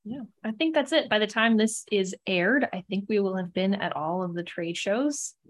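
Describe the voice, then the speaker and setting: A woman co-hosting a casual podcast, upbeat and quick to laugh. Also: mid-range voice. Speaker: podcast co-host.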